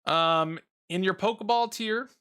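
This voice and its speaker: A young man casually rambling through a tier list ranking, swearing freely and filling pauses with ums and uhs. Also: high voice, sharp tone, smooth. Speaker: YouTuber ranking Pokemon. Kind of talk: casual commentary while making a tier list.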